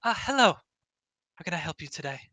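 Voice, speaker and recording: A polite middle-aged woman tailor greeting customers, voiced by a man. The voice is very bright and slightly high, courteous and matter-of-fact. It sounds dry and close. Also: sing-song, quick pace, no room sound, heavily acted. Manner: courteous, businesslike.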